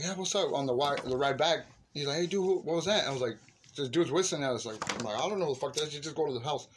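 A man tells a story to his friends in a raised, somewhat high voice, swearing freely and shouting out the lines he acts. The recording carries steady background noise. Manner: profane, animated storytelling with shouted reenactments. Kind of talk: casual chat. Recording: noisy room recording.

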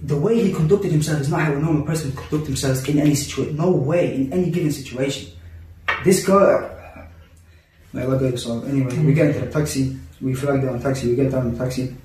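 A man's voice: medium pitch, fast talker, hardly any pauses, warm tone. A man telling an intense personal story in casual podcast talk, repeating himself and dropping in Arabic religious phrases. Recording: echoey room, mic at a distance.

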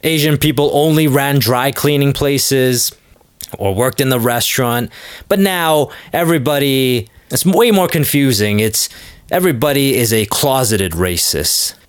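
A man's voice: medium pitch, animated, measured pace, smooth, dry recording. A man doing a comedic monologue with a rambling, sarcastic delivery full of fillers. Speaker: comedic podcast host.

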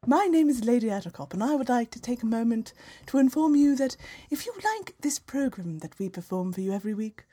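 A woman voicing a posh British lady in a quiet, sultry, overly polite manner, with a British accent. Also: fairly high pitch, animated, a little fast, slightly rough. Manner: genteel, overly polite appeal. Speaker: podcast host.

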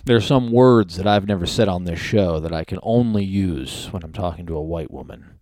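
A man's voice: low voice, brisk, a little mellow, no room sound, clean studio sound. A man hosting a solo comedy podcast from his home, rambling and crude and losing his train of thought. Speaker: podcast host.

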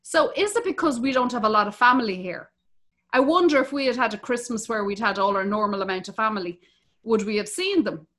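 A woman's voice: a little high, fairly quick, a bit bright. A middle-aged woman hosting a podcast, chatting casually, swearing freely and acting out what people said. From Ireland. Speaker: podcast host. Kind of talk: casual chat.

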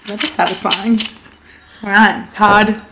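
A woman's voice: medium pitch, fairly even intonation, takes it slowly, background noise. A young woman in casual chat, laughing often and swearing freely. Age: young adult. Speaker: co-host.

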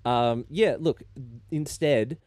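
A man's voice: mid-range voice, slow pace, a little mellow, no room sound. A man co-hosting a podcast, recapping a reality show in casual, wry chat and laughing often. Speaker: podcast co-host.

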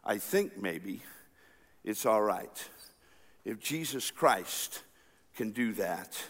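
A male pastor preaching a sermon, swinging between loud passionate cries and quiet, slow asides. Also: on the low side, lively intonation. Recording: long reverb of a large hall.

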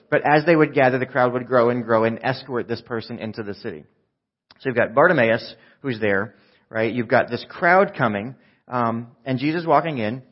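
A man's voice: mid-range voice, dull audio. Conversational man preaching a sermon. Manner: conversational, shifts between loud shouting and hushed speech. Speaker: pastor.

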